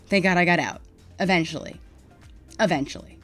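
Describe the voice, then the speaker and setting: A young woman with a New York accent, frankly and wryly telling her own story to camera, turning loud and heated as she retells arguments. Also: deep voice, normal speed, soft background music. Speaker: mental health advocate vlogger. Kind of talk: casual personal storytelling to camera.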